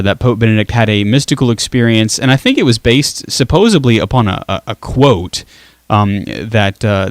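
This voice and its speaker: A man's voice: fairly low pitch, smooth, no room sound, studio quality. A man hosting a casual talk show, chatty and laughing easily as he reads listener comments. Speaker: show host. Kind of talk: casual chat.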